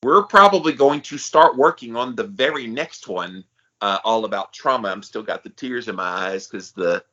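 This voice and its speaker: A man's voice: mid-range voice, moderate pace, pushed and bright. A man co-hosting a podcast in casual chat, talking with eager, hyped-up enthusiasm. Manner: enthusiastic, self-described hype guy. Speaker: podcast co-host. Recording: slightly dull, lo-fi sound.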